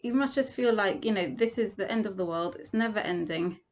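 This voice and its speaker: A woman's voice: medium pitch, a little fast. A woman teaching a Torah lesson as a vivid second-person story, acting out the quoted lines.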